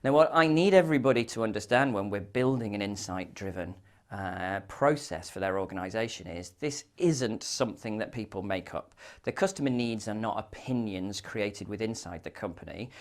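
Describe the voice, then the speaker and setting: A man speaking as an innovation speaker, giving a humorous talk in a lively storytelling manner. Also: lowish voice, moderate pace. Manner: lively storytelling, acts out voices in his anecdotes.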